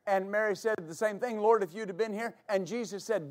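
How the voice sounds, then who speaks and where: A man preaching a sermon as pastor, explaining at length and building to shouts. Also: high-pitched, a little fast.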